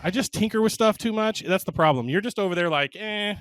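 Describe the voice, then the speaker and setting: A man's voice: sits high, expressive, quick pace, dry recording. A man in his thirties co-hosting a casual podcast, joking and rambling through his explanations. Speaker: podcast co-host.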